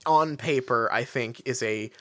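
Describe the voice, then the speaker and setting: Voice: mid-range voice, measured pace, a bit bright, no echo. Rambling, profane podcast co-host. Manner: rambling, frequent fillers, profane. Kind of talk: casual chat.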